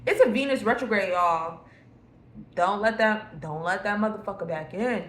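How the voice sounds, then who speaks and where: A woman's voice: mid-range voice, moderate pace, fairly bright tone. Blunt, profane woman reading tarot. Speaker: tarot reader. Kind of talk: casual tarot reading to viewers. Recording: echoey room with faint noise.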